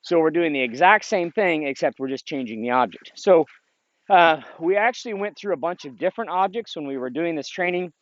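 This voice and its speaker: Middle-aged dog trainer, man, lively talker with a high-ish voice, dull outdoor recording. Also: brisk, dry recording. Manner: explains plainly, then calls short upbeat commands to the dog. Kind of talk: outdoor training video with commentary. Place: outdoors in a field.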